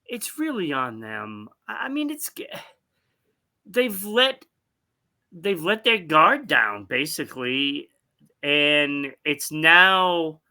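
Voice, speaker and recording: A man co-hosting a sports talk show in casual chat, halting and repeating words as he gets going. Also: fairly high pitch, sharp tone.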